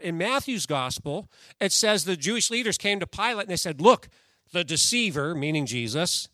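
A man's voice: high voice, bright, forceful tone, no echo. A man preaching a sermon in a conversational way, reading scripture aloud and putting questions to the congregation. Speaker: pastor.

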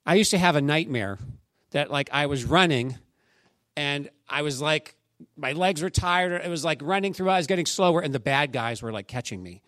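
A man preaching a sermon, telling stories and quoting scripture, dropping to a hush and then rising to shouts. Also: fairly high pitch, lively intonation, moderate pace, dry recording, clean studio sound. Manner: storytelling, swings from hushed to shouting. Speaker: pastor.

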